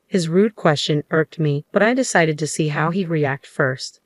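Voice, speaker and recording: A woman with a very low voice reads a story aloud at an even, steady pace. The sound is dry and close, with no room around it. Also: normal speed, hardly any pauses, no room sound. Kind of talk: scripted story narration.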